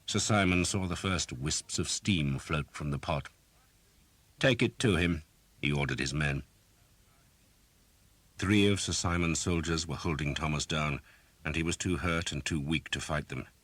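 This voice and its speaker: A man reading an audiobook in a measured, dramatic narration style, close to a studio mic. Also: very deep voice, fairly bright tone, no room sound. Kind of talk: scripted narration.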